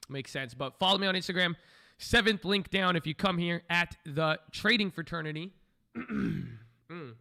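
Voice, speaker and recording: A man's voice: sits high, normal speed, bright, forceful tone. A man giving loose, joking commentary while streaming live trades, often swearing and thinking aloud. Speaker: live stock-trading streamer.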